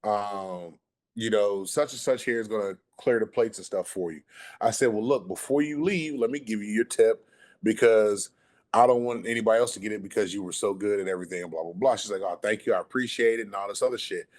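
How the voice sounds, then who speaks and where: A man telling a story casually on a podcast, animated and profane, acting out the people he quotes. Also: on the low side, a little fast. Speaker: podcast guest.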